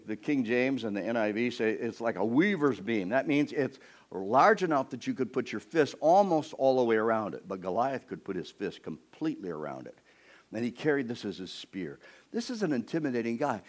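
Animated male preacher telling a story. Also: medium pitch. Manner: animated storytelling, addresses the congregation. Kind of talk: sermon.

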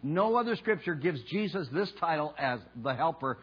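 A pastor preaching a sermon in a church, speaking slowly and emphatically and leading the congregation in call and response. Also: male voice, on the high side, expressive, slightly rough. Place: church sanctuary. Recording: dull lo-fi sound with mains hum.

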